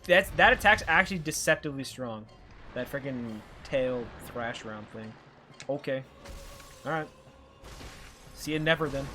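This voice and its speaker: This man's voice is fairly high, bright and pushed, with a little hiss or hum in the audio. He's a young live-streamer from Alberta with a light Canadian accent, casually rambling to his chat during a game. He reads their questions aloud and responds to them.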